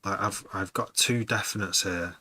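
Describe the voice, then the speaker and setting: Low-voiced, bright-toned man chatting. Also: steady tone, normal speed, slightly rough, no echo. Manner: rambling, laughs often, muses aloud. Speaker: music producer streaming to chat. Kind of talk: casual chat with livestream viewers.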